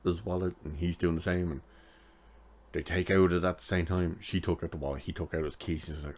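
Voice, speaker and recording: A man's voice: deep voice, fairly even intonation, brisk, a little mellow. A man casually recapping a TV episode in a rambling way, with lots of filler "like"s. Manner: rambling retelling, many filler "like"s. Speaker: TV episode reviewer.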